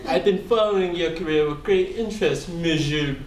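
A person voicing a boastful male French racing driver in a mock French accent, slow and grandly self-important, recorded from a distance on a camcorder in an echoey room. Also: medium pitch, pitched below the performer's own voice, lightly acted. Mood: smug. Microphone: camcorder mic. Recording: echoey room from a distant camera, faint hiss.

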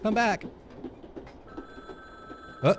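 A man giving playful, excitable commentary over a video game playthrough, joking with his viewers. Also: very slow. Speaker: gaming YouTuber. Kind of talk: let's play commentary.

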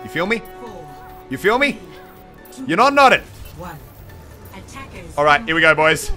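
A young man calls out his game in excitable, swearing commentary, now and then shouting at the screen. His voice sits high and swings widely. Faint game music plays under him. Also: a little slow. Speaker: gaming channel host. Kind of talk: live gameplay commentary.

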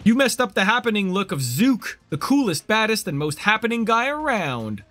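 A man's voice: high-pitched, sing-song, moderate pace, sharp tone, soft background music, pitched above the performer's own voice, full character voice. A man reading game lines as a vain, bullying street punk who sneers at a child. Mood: sneering.

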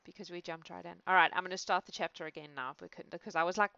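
A woman's voice: lowish voice, fast talker, creaky, hardly any pauses, bright, forceful tone, no room sound, highs cut off. A woman reading a classic novel aloud, chatty and self-amused in asides between passages. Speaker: reader. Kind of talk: storybook reading with casual asides.

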